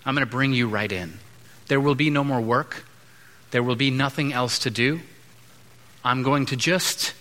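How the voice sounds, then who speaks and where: A man preaching a sermon as pastor, conversational, acting out quick asides between points. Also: mid-range voice, bright, forceful tone. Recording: long hall reverb.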